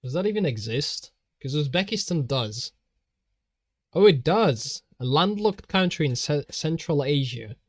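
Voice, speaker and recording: A man's voice: a little high, lively intonation, moderate pace, hardly any pauses, dry recording. Man, livestreamer, casual rambling, joking, laughs a lot, dead-dry close mic. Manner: jokey, rambling, laughs often, restarts. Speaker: streamer. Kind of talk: rambling stream chatter while drawing.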